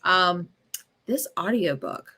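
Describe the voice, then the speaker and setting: A woman hosting a casual live reading stream, chatting slowly with many ums and soft laughs. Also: fairly low pitch, animated, breathy edge. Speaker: booktube host.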